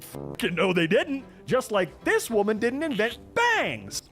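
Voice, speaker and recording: A man's voice: high voice, measured pace, soft background music. A man hosting a casual reaction stream, ranting sarcastically with lots of profanity. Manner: animated, profane, sarcastic rants. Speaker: VTuber streamer reacting to posts.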